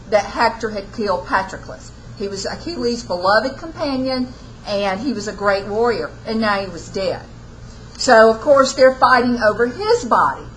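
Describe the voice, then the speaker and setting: Lady teaching class, kinda high voice, acts out the lines casual and folksy. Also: slight background noise, low-quality recording. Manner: folksy storytelling, acts out quotes in casual speech. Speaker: college literature instructor. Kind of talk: lecture retelling a story.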